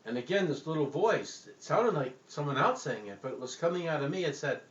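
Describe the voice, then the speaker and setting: A man telling a comic story in a deadpan, halting way, with frequent pauses, in an echoey room with dull, lo-fi sound. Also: mid-range voice.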